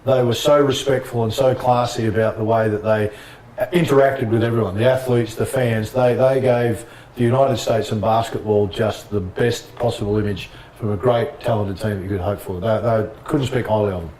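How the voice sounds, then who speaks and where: A middle-aged Australian man and former basketball player, telling lively anecdotes in a casual interview and laughing often. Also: fairly low pitch, moderate pace, echoey room, distant mic.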